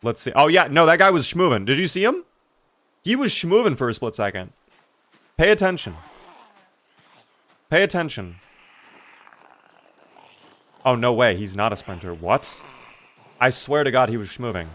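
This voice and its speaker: Male streamer, mid-pitched, laid-back gaming chatter with sudden excited upswings. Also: brisk. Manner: chatty, relaxed, reads and answers chat. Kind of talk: casual live-stream gaming commentary.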